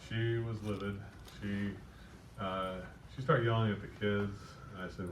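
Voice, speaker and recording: A man's voice: fairly low pitch, normal speed. Joking man acting out a homeowner. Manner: animated, joking storyteller. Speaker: workshop presenter playing a homeowner in a sales role-play. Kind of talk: improvised role-play demo. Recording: echoey room, distant mic, noisy.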